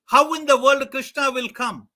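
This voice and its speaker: A man's voice: high-pitched, animated, unhurried, sharp tone, exaggerated voice. A man voicing a stern, angry father who scolds his son, in a told story. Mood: angry scolding. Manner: scolding, repeats his points.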